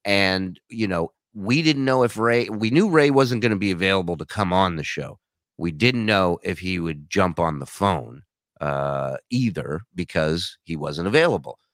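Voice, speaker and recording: A man, a show host appearing as a guest, telling stories in an animated way and laughing as he talks on a live stream. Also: deep voice, moderate pace, dry recording, clean studio sound. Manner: storytelling, animated, laughs while talking. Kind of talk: casual live-stream chat.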